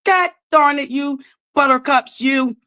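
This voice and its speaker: A woman hosting a casual gossip commentary vlog, sassy and profane, scolding her viewers and swinging from low asides to loud exclamations. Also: a little slow. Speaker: commentary vlogger.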